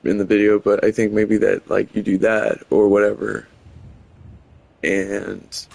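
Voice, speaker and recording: Male streamer, low-ish gravelly voice, loose rambling commentary with fillers. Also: flat delivery, a little slow, darkish tone, poor audio. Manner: rambling, many fillers, chuckling. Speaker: game streamer. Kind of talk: casual gameplay commentary.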